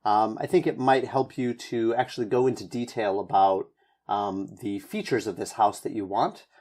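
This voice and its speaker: A man's voice: lowish voice, moderate pace, darkish tone. A man teaching English, giving spoken feedback on a student's answer in an encouraging, hedging way with many fillers.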